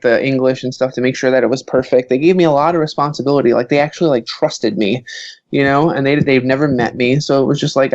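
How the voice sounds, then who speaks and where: A man sits in as a podcast guest and tells his stories eagerly, with plenty of "like" and "um". His voice sits at a middle pitch. The recording is dry and a little dull. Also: gravelly, no room sound. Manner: animated storyteller, full of filler words. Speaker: podcast guest, author and professor. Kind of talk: casual interview chat.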